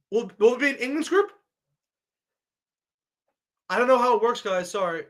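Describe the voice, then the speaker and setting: A man giving a live reaction to a sports draw, excitable and thinking aloud as he keeps addressing his viewers. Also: very high voice, normal speed, pauses often. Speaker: sports vlogger.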